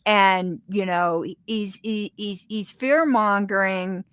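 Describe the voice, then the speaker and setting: A woman with a slight lisp, a guest in a casual interview, talking in an animated way with stumbling restarts. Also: mid-range voice, takes it slowly, clean tone, no echo.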